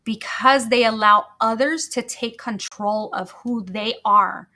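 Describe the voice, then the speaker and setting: Bright, emphatic motivational woman host. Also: on the high side, takes it slowly. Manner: energetic, emphatic, repeats key phrases. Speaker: podcast host. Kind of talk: motivational solo talk.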